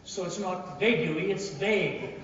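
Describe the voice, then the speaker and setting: A man's voice: high voice, normal speed, muffled recording, a little hiss or hum, pitched above the performer's own voice, lightly acted. A man voicing a male friend who patiently explains English spelling rules. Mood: correcting. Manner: lecturing, correcting. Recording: echoey hall, far from mic.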